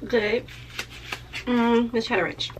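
A woman's voice: on the high side, fairly even intonation, slow, a little hiss or hum. A woman who works as a lash tech, chatting casually and playfully straight to her viewers in a vlog.

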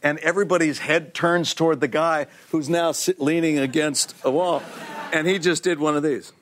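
A man in his sixties, a guest on a TV talk show, telling stories in a lively, animated way and putting on other people's voices. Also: on the high side, moderate pace, slight background noise. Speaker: guest actor. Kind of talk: casual anecdotal chat.

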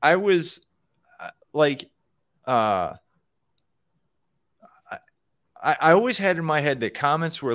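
A man's voice: medium pitch, a bit bright, dry recording. A man co-hosting a casual live show about programming, talking loosely with many fillers and restarts. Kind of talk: casual live-stream chat.

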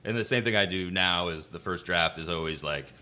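Fast-talking deep-voiced man, rambling. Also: sharp tone. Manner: rambling, many fillers and restarts, acts out quoted voices. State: chewing ice while talking. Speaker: screenwriter guest. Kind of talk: casual podcast conversation.

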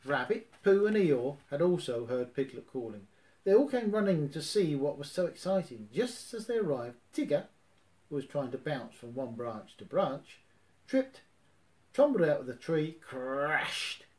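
A man reading a children's story aloud in a lively, expressive way. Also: fairly high pitch, measured pace. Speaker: narrator.

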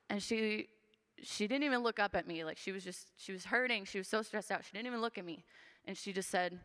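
A woman in her twenties gives a personal testimony in a church sanctuary, her mid-range voice a little fast, bright, forceful, and clean in tone. She speaks earnestly and conversationally with plenty of fillers, and a long church hall reverb trails her words.

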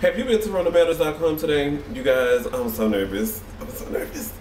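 A sassy, nervous young man in his 20s chats casually in a home bathroom vlog, often saying "girl." His voice is a little high, a little mellow, animated and a little fast. The sound is roomy and echoey, the mic slightly distant, with slight background noise.

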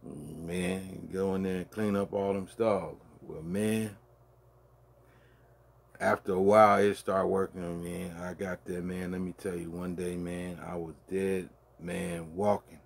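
A man telling a long, casual story as a show host, with a loose, drawn-out delivery full of restarts and asides to the listener. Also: sits low, level tone, vocal fry. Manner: loose and conversational, peppered with "man" and "you dig".

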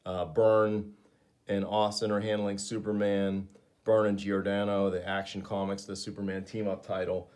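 Male comics reviewer, casual and eager, lower voice. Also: little pitch movement, moderate pace, darkish tone. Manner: enthusiastic, with frequent fillers.

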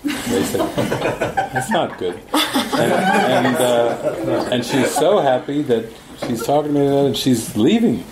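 A man's voice: mid-range voice, big pitch swings, takes it slowly, very noisy. A man, a spiritual teacher, giving a storytelling talk at a group gathering. He tells his stories with animation and acts out the voices of the people in them. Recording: echoey room.

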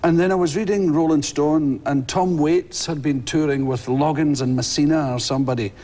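Scottish guy telling wild stories on a talk show, does all the voices, bit high pitched. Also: normal speed. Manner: animated storyteller, acts out voices and crowd shouts. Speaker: guest comedian. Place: television studio.

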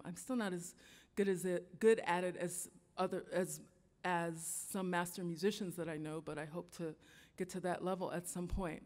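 Woman storyteller, low-ish voice, earnest and halting, live hall with long reverb. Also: a little mellow. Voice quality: reflective, earnest, halting with fillers. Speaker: musician and storyteller. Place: stage in a large hall before an audience.

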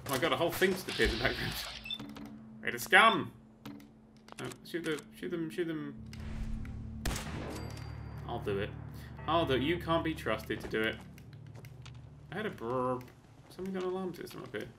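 A man casually commentating on his own gameplay, chatty and excitable, with sudden yelps and mock-boastful asides. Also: on the high side, a little fast, pauses often, background noise. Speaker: let's play host.

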